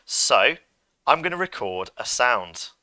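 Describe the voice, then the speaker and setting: Guy teacher walking kids thru coding, playful, bright crisp voice, dry sound. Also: medium pitch, big pitch swings, takes it slowly, dry recording. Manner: chatty, playful, talks through each step. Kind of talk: screen-recorded coding lesson. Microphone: computer microphone.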